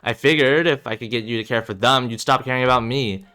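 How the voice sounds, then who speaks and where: A man reading aloud as a troubled, guarded young man who speaks in a low, subdued, flat way. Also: fast, smooth, soft background music, close to an everyday voice.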